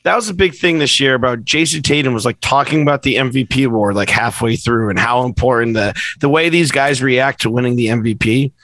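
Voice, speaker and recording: A man co-hosting a casual podcast, chatty and agreeable, quick to jump in. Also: medium pitch, a bit bright, no room sound. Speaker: podcast co-host and tour guide. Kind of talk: casual chat.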